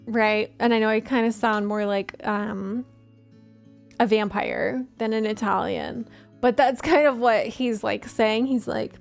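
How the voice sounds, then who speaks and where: A woman's voice: on the high side, fairly even intonation, a little slow, creaky, faint music behind. A woman streamer chatting casually while she plays, telling a story and laughing often. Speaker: gaming streamer. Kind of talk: casual live-stream chat.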